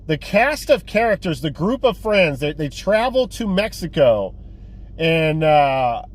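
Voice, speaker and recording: A man's voice: fairly high pitch, sing-song, measured pace. A young man casually rambling through a movie review, full of fillers, restarts and profanity. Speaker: physical media collector vlogger.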